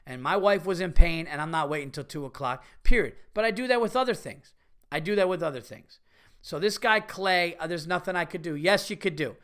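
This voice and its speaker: A middle-aged man hosting a casual comedy podcast, ranting profanely and excitably as he reads listener emails. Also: a little high, brisk. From Italian-American heritage.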